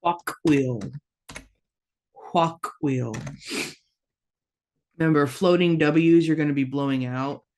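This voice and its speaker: A woman teaching a language lesson, slow and patient, repeating words for learners to echo. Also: sits low, darkish tone.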